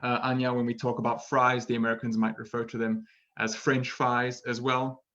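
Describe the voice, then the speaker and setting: A man gives a relaxed online English lesson in an ordinary mid-pitched voice. He talks chattily and encouragingly, checking in with listeners again and again. The audio is a little dull and lo-fi. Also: normal speed. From Britain. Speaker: English teacher.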